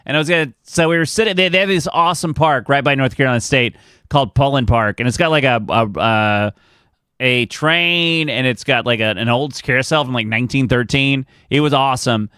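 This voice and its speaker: A man's voice: mid-range voice, a little fast, pushed and bright, smooth, no echo, clean studio sound. Rambling man telling stories. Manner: rambling storyteller, chuckles often. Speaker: streamer. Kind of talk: casual chat with live chat.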